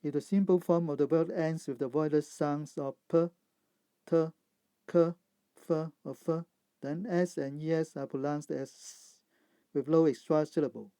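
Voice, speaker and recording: A man teaching English pronunciation, reading out sounds and example words one at a time in a measured instructional narration. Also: a little high, fairly even intonation, dark tone, clear, resonant tone, no echo. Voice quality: measured, deliberate word-by-word delivery. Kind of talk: slow instructional narration over slides.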